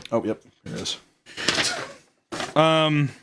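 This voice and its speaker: A man's voice: a little high, huge pitch swings, very slow, fairly bright tone, slight background noise. A man hosting a comedy podcast, joking and riffing in casual chat and laughing often. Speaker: podcast host.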